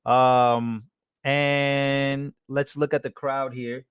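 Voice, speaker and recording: A man's voice: mid-range voice, flat delivery, extremely slow, a bit bright, clear, resonant tone, no room sound, clean studio sound. A man hosting a live stream, giving casual commentary and repeating himself as he reacts to clips. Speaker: livestream host.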